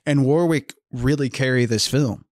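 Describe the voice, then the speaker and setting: A man's voice: mid-range voice, unhurried, darkish tone, dry recording, clean studio sound. A man co-hosting a podcast, chatting casually about a horror film over beers and laughing often. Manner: chatty, laughs often, drinking beer while talking. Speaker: podcast co-host.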